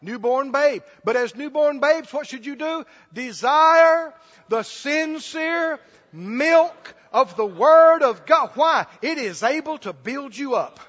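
Male preacher, high voice, emphatic and repetitive, long hall echo on a muffled recording. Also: animated, takes it slowly, a bit bright. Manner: emphatic, repetitive, laughs often. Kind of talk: sermon.

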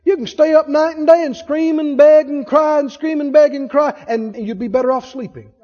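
A male preacher with an unusually high, mellow voice and fairly even intonation delivers his sermon at a moderate pace, using emphatic call-and-response. The lo-fi recording sounds dull, and a long hall reverb trails each phrase.

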